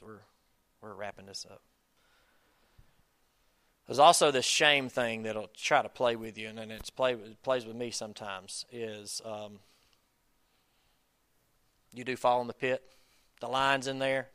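A bright, forceful-sounding man, preaching in a loose, conversational way. He drifts through asides, then pushes his voice up into sudden loud bursts. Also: medium pitch, clean tone. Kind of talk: sermon.

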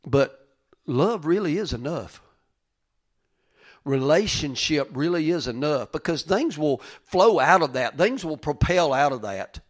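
An older man, preaching in a conversational style, calling listeners by name and moving between loud rises and quiet asides. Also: fairly high pitch, very animated, a little slow. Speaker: pastor. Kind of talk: conversational sermon.

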